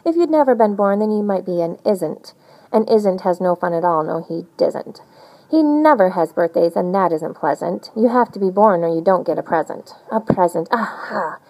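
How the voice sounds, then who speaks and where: A woman reading a rhyming picture book aloud in an animated, sing-song storytelling manner. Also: mid-range voice, moderate pace, rough recording. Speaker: storybook reader.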